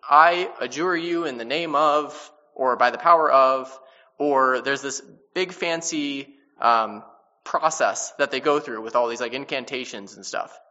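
A man teaching a casual Bible study, reading passages and explaining them in a conversational way with many restarts and quick paraphrases. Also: medium pitch, sharp tone. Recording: dull-sounding with long hall reverb.

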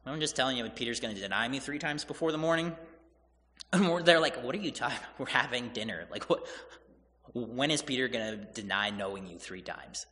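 A man's voice: mid-range voice, lively intonation, brisk, sharp tone, long reverb tail. A man preaching a sermon, retelling scripture in casual everyday paraphrase and acting out the people in the story.

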